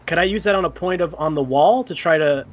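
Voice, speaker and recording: A man at a tabletop game with a slightly high, very lively voice, working through ideas in halting starts. The sound is dull and lo-fi, with a faint hiss. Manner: halting, thinking aloud. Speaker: player. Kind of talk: casual tabletop play. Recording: dull lo-fi mic with slight noise.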